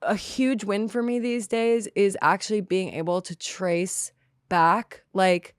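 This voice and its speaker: A woman guest on a podcast talking candidly and reflectively, pausing often and saying "like" a lot. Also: mid-range voice, fairly even intonation, smooth, dry recording, studio quality. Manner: reflective, halting, heavy use of "like". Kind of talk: candid conversational interview.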